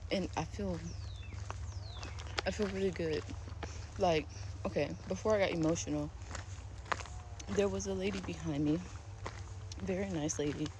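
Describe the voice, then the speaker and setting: A woman's voice: on the low side, fairly even intonation, measured pace, long pauses. A woman vlogging casually while hiking an outdoor trail, talking into a phone held at arm's length in a rambling, chatty way full of fillers and laughs. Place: outdoor nature trail near a pond. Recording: outdoor ambience with clear background noise.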